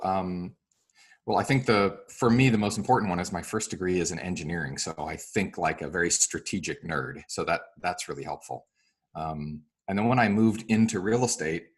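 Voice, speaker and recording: Appearing as an interview guest, a real estate broker and coach explains his ideas using many fillers and lively acted-out sample dialogue. His voice is low-pitched and husky.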